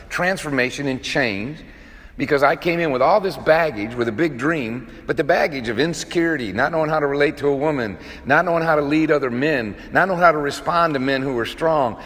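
A man preaches a sermon to a group of men, emphatic and repetitive, restarting often and acting out quoted voices. His mid-range voice is a bit bright, and long hall reverb fills the recording.

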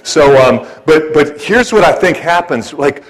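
A man preaching to a church congregation in a folksy, joking way. His voice sits a little higher than most men's, and he stumbles often through fillers and restarts as he talks. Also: lively intonation, a little slow, poor audio. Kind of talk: conversational sermon.

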